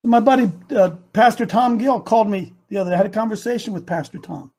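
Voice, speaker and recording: A man preaching a sermon, animated, rising to loud bursts. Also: sits high, fast talker, hardly any pauses, breathy edge. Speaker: pastor.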